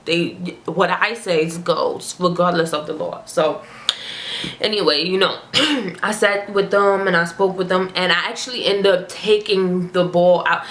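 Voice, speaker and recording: A young woman, a vlogger, telling a casual, animated storytime in slangy everyday speech. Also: fairly low pitch. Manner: chatty, animated, slangy storyteller who breaks into character voices. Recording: roomy echo, faint ambience.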